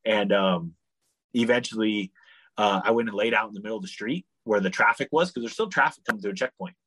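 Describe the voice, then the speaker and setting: A young man casually telling a long travel story as a guest, animated and full of "like," acting out the people he quotes. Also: on the low side, quick pace, slightly rough, rough recording. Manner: animated, leans on "like" a lot, acts out the people he quotes.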